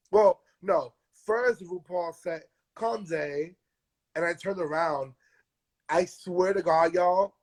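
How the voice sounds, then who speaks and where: Young man, slightly high voice, chatty slangy storyteller on a phone live stream. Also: breathy edge. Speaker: drag performer hosting a live stream. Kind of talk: casual live-stream chat.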